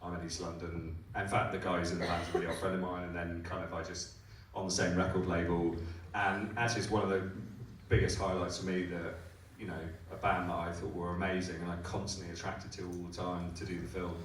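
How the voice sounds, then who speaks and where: A man's voice: low-pitched, flat delivery, fast talker, few pauses, fairly bright tone. A man answering questions as a film director at a live festival Q&A, rambling with many restarts and growing enthusiastic. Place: cinema or hall at a live screening Q&A. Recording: echoey hall, mic from far off, faint noise.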